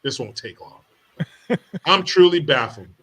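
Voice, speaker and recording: A man's voice: on the high side, expressive, a little slow, gravelly, sharp tone, exaggerated voice. A man voicing a baffled, whiny young male job applicant who speaks in an incredulous, exasperated way.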